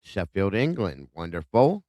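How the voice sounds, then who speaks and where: A man's voice: low-pitched, wildly swooping pitch, measured pace, warm tone, dry recording. A man hosting a live stream, casually greeting viewers by name and reading their comments aloud. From Ohio. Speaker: livestream host. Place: home in Ohio.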